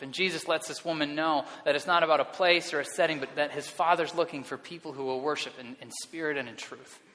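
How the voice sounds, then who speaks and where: A man's voice: fairly high pitch, sharp tone. A man preaching a sermon as pastor, earnest and often repeating words as he restarts his sentences. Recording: long reverb of a hall.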